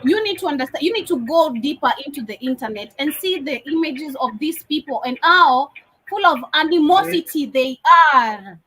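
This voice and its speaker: A woman from Africa runs a casual livestream, speaking bluntly and emphatically with a sarcastic edge. Her voice sits high and sounds bright and forceful. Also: expressive, moderate pace. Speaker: livestream host.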